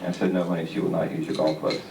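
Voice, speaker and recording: Halting stand-up man in echoey theater. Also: rumbling low, fairly even intonation, vocal fry, darkish tone, slight background noise. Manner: rambling, halting delivery with many "uh"s. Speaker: stand-up comedian. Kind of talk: stand-up comedy set. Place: theater stage. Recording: echoey theater recording from far off. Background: audience laughter.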